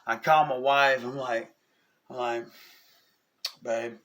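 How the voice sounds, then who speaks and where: A man, telling a personal story in a casual, animated way, often asking "you know what I'm saying?". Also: medium pitch, a little slow. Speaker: vlogger.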